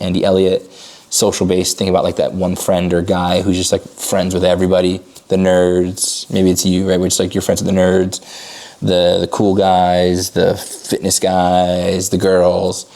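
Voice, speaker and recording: A man running a sales coaching call, talking fast and casually with many "like" fillers and bursting into high energy when he acts out calls. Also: completely flat delivery, creaky, darkish tone.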